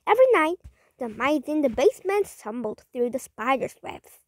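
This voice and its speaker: Female reader, high-pitched, halting delivery with frequent self-corrections, dry close recording. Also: very animated, dry recording. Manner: halting, rereads and corrects words. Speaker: storybook reader. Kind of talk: reading a children's story aloud.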